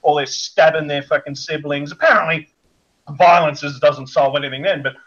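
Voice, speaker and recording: High-voiced man ranting bluntly, lo-fi. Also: fairly even intonation, normal speed, a bit bright. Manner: blunt, crude, sarcastic. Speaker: podcast guest. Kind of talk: profane ranting commentary.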